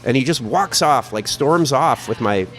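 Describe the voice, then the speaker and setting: A man telling a travel story in a casual podcast chat, animated and profane, with lots of "like" fillers. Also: mid-range voice, a little slow, faint music behind.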